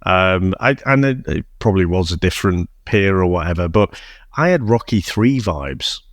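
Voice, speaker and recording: A man's voice: deep voice, lively intonation, normal speed, dry recording, clean studio sound. A man co-hosting a casual film review podcast, talking wryly and rambling with hesitant restarts. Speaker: podcast co-host.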